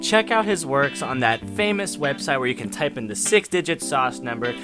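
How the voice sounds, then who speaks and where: A man reviewing anime in a casual, rambling monologue that flares into excitable, profane rants. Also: mid-range voice, moderate pace. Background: background music.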